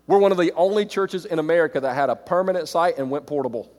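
A middle-aged man preaches to church leaders in an animated way, jumping from loud exclamations to quiet, reflective passages. His voice sits a little high for a man. The sound carries a long reverb, as in a large auditorium. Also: quick pace. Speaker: pastor. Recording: reverberant hall.

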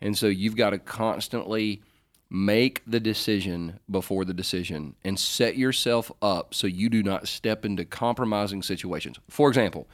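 A middle-aged man with a fairly low voice answers listener questions in a casual faith chat. He jokes, rambles, and corrects himself as he goes. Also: moderate pace. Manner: joking, rambling, self-correcting.

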